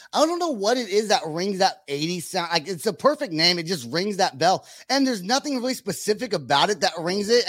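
A man's voice: sits high, fairly bright tone, no echo. A man in his thirties from California hosting a podcast, chatting casually with crude, profane jokes. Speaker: podcast host. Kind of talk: casual chat.

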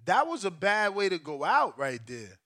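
A man hosting a live stream, reacting to a fight with loud, profane exclamations. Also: high voice, moderate pace. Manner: excitable, profane, shouts and exclaims.

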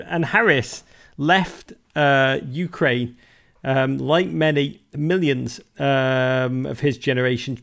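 Gravelly man telling wry stories. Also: mid-range voice. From Liverpool, England. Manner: wry, anecdotal, self-mocking humour. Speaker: guest, author. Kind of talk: storytelling interview talk.

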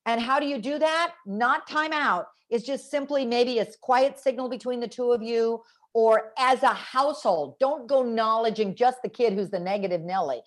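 A woman's voice: fairly high pitch, normal speed. A woman guest talking about raising boys, telling stories and quoting the kids she interviewed. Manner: energetic storyteller quoting kids and parents. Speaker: guest author on parenting. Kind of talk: animated podcast interview.

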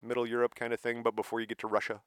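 A man's voice: medium pitch, monotone, rapid-fire, no room sound, studio quality. A man co-hosting a podcast in playful casual chat, joking and teasing. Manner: playful, jokey, breaks into shouts and laughs. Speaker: podcast co-host.

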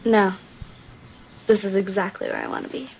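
A teasing seductress. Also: female voice, wildly swooping pitch, normal speed, creaky, darkish tone, slight background noise. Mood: seductive. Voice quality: teasing, low-key seductive. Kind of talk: film dialogue.

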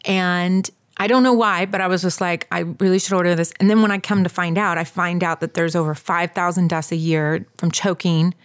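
A woman's voice: fairly low pitch, fairly even intonation, a little fast, hardly any pauses. A woman in her thirties co-hosting a podcast, telling a story to her listeners with lots of emphasis. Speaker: podcast co-host. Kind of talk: casual storytelling chat.

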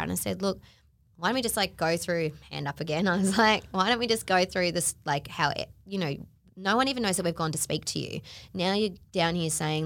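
A woman's voice: on the low side, creaky. A woman chatting casually on a podcast, telling a long story and acting out the people she quotes, with lots of "like". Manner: animated, acts out quoted voices, frequent "like".

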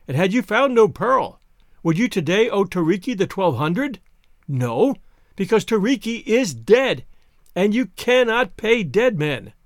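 A man voicing an island wife who speaks in a shrill, excited, commanding way. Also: no room sound, studio quality.

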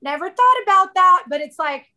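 A woman's voice: extremely high pitch, animated, normal speed, pushed and bright. A woman in her thirties, a podcast guest in casual chat, candid and chatty, often quoting herself.

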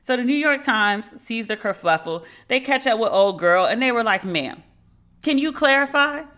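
A woman's voice: on the high side, expressive, normal speed, a bit bright. A woman hosting a podcast, telling a story alone in a sardonic, mocking way and slipping into quoted voices. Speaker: podcast host. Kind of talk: solo commentary.

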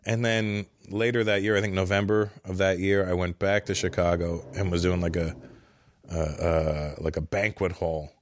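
A man's voice: sits low, fairly even intonation, normal speed, no room sound. A male comedian as a podcast guest at his house, telling stories in a casual chat and laughing often.

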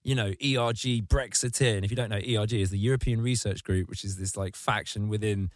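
A man hosting a podcast, ranting comedically in casual chat and jumping into mocking high squeaky voices. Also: steady tone, fast, dry recording, studio quality. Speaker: podcast host.

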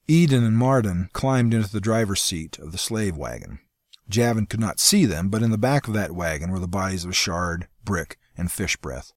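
Male audiobook narrator, low register, dry close recording, steady pacing. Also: no echo. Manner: steady, measured storytelling. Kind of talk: scripted fantasy narration.

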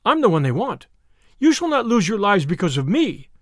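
A man voicing a frightened but brave young woman who speaks in a high, pleading, emotional way. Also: huge pitch swings, normal speed, gravelly, breathy edge, no echo, clean studio sound, heavily acted. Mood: frantic.

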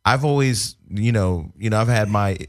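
Deep-voiced male host, calm and probing. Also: normal speed. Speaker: podcast host. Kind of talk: interview questioning.

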